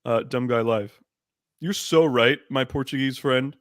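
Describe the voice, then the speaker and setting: A man co-hosting a live-streamed podcast, talking into a handheld mic at a middling pitch. He rambles and swears, trips over his own words, and restarts sentences often. The sound is close and dry, with no room around it. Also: unhurried, no room sound. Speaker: podcast co-host. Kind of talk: casual live-stream banter. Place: room by candlelight. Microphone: handheld microphone.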